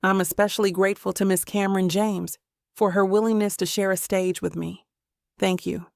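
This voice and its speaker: A woman voicing a polite, guarded male professor who speaks in a measured, careful way. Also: medium pitch, level tone, vocal fry, dry recording, studio quality, lightly acted. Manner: measured and careful, slightly nervous.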